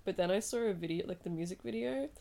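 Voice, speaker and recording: Her mid-range voice has vocal fry and a quick pace. She's an Australian in her twenties co-hosting a late-night podcast, sleepy, relaxed, and chatty, with plenty of swearing and giggles.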